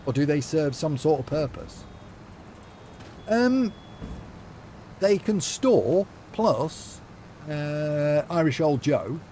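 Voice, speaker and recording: A man's voice: a little high, lively intonation, slow pace, long pauses, dark tone, a little hiss or hum. A young man streaming a farming game, chatting playfully and sassily with lots of fillers. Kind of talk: casual live-stream chat while gaming.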